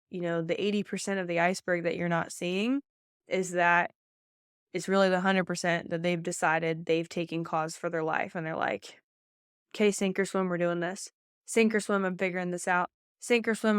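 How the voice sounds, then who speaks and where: Woman in her 30s, podcast coach, emphatic and chatty, smooth clear voice, dry close mic. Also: on the low side, no room sound. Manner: fast, emphatic, faith-filled coaching with many "like"s and repeats. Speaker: pageant coach and podcast host. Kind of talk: motivational podcast talk.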